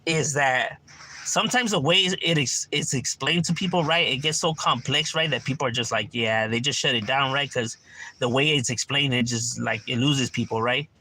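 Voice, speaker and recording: A man's voice: mid-range voice, normal speed, pushed and bright, slight background noise. A man, chatting casually and profanely on a livestream from home, peppering his talk with "right?". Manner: laid-back, slangy, profane, keeps asking "right?". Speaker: livestreamer reading chat.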